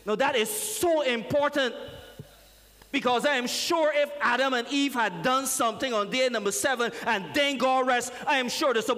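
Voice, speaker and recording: A man, a pastor preaching a lively, joking sermon and calling out to his congregation. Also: very high-pitched, normal speed. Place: church sanctuary. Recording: reverberant church hall.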